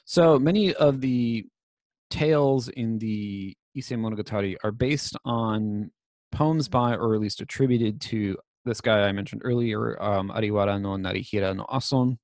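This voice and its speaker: A man giving a recorded course lecture, casual and digressive with many fillers, his voice slightly raspy from talking. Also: mid-range voice, a little slow, darkish tone, no echo, clean studio sound.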